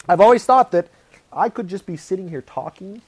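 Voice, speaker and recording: A man's voice: sits high, moderate pace, darkish tone, slightly rough. A man hosting his own show, talking in a casual, rambling, self-deprecating way and acting out what people say. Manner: acts out quoted voices. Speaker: host.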